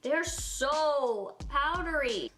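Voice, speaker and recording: Young female beauty vlogger, gushing and giggly, slightly high voice, music playing underneath. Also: animated, extremely slow, fairly bright tone. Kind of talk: casual makeup tutorial chat.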